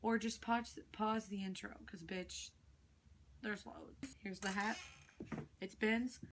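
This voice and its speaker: Young female makeup vlogger, mid-pitched, blunt casual delivery, reads creepy stories. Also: fairly even intonation, slow, noisy background. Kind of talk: telling spooky stories while doing makeup.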